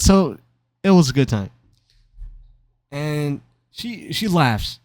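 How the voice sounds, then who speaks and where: A man's voice: fairly high pitch, lively intonation, slow, pauses often, darkish tone. A young man casually telling a rambling, self-mocking story over gameplay, often stumbling and repeating his words. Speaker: gaming commentator.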